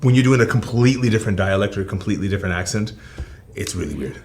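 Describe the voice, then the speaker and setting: A man's voice: on the low side, expressive, rapid-fire, darkish tone, a little hiss or hum. A man chatting casually as a guest voice actor in an interview, easygoing and enthusiastic, often repeating himself.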